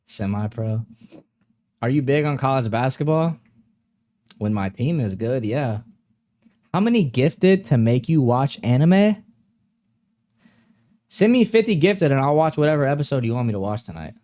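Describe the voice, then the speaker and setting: A man's voice: medium pitch, big pitch swings, moderate pace, pauses often, warm tone. A young man hosting a live stream, chatting casually with viewers in a laid-back, slangy way and laughing often.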